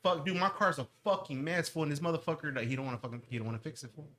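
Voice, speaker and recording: A man and lowrider owner, ranting heatedly in casual podcast chat, with slang and heavy swearing. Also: very fast, pushed and bright.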